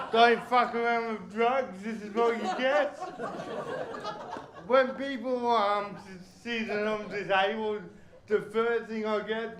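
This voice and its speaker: A man doing a live stand-up set, with slow, deliberate delivery. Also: high-pitched, background noise. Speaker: stand-up comedian. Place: comedy club stage with live audience. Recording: echoey club room with audible ambience.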